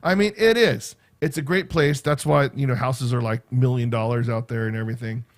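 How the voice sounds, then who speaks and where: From a room at home, a medium-pitched man runs a casual livestream, speaking a little fast. He's rambling and talkative, habitually adding "right?" to his sentences.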